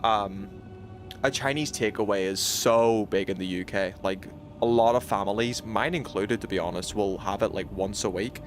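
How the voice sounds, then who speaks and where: A man's voice: lowish voice, normal speed, faint music behind. A British man streaming a game, chatting casually with his viewers in a rambling way, full of fillers and restarts. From United Kingdom. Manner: rambling, many fillers and restarts, reacts to chat.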